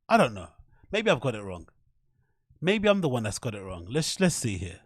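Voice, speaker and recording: A man rambles through his podcast, swearing freely and laughing at his own mock threats. His voice sits at an ordinary pitch. The sound is close and dry. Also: huge pitch swings, moderate pace, long pauses, no room sound. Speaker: podcast host. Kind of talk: casual rambling commentary.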